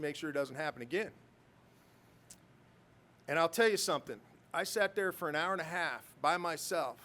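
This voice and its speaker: A man's voice: on the high side, fairly bright tone. A middle-aged man, a military pilot, giving a storytelling speech at a ceremony with self-deprecating humor and chuckles. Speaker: guest speaker, military pilot.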